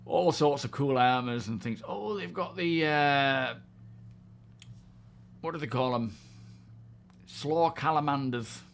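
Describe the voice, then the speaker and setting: A man's voice: a little high, slow pace, creaky, pauses often, slight background noise. A man hosting a casual gaming livestream, greeting viewers and thinking aloud as he plays. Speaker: livestream host.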